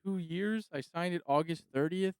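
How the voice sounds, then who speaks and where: A man's voice: a little high, normal speed, darkish tone, slight background noise. A man co-hosting a casual podcast, telling work stories with quoted dialogue and frequent laughs. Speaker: podcast co-host. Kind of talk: casual chat.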